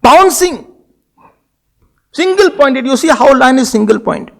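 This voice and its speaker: Animated Indian man giving a sermon. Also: very high-pitched, measured pace, gravelly, pauses often. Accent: Indian English. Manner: animated storytelling, voicing figures in dialogue. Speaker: spiritual teacher.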